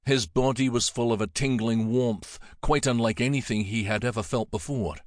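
A man narrating an audiobook in a measured, dramatic storytelling manner. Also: medium pitch, fairly even intonation, no room sound, studio quality.

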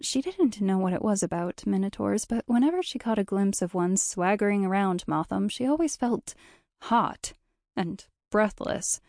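Mellow woman narrating a story. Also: mid-range voice, expressive, normal speed, no room sound, clean studio sound. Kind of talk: scripted audiobook narration.

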